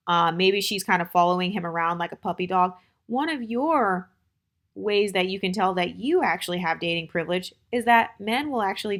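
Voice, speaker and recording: A woman's voice: fairly low pitch, fairly bright tone. An American woman hosting her channel, giving dating advice in a blunt, opinionated, chatty monologue full of fillers. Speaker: channel host.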